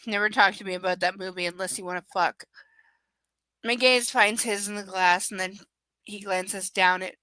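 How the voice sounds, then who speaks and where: On a live stream, a woman reads a romance novel aloud, stopping now and then for chatty, sarcastic asides and casual swearing as both reader and commentator. Her voice is medium-pitched with a sharp, smooth tone and no echo.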